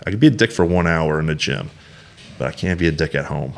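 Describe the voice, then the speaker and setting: A man in his thirties with a low, gravelly voice opens up bluntly as a guest on a podcast, swearing freely. He's animated and fast, talking in emphatic bursts and circling back with restarts and fillers.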